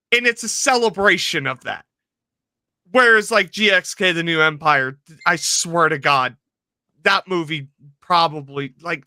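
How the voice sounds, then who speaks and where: A man's voice: sits high, sharp tone, no echo. A man co-hosting a casual podcast, telling rambling, profane stories. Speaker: podcast co-host. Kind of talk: casual chat.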